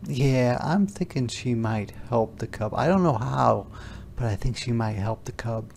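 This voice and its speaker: A man teacher reading a picture book aloud to young children, slow and gentle, asking them questions as he goes. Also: mid-range voice, creaky. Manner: slow, gentle, asks the listener questions, voices animal sounds.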